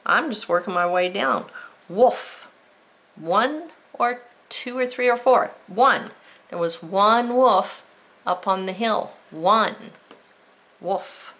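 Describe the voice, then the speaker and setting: Slow, gravelly-voiced woman teaching spelling. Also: mid-range voice, a bit bright. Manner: slow, clear letter-by-letter spelling. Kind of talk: spelling lesson.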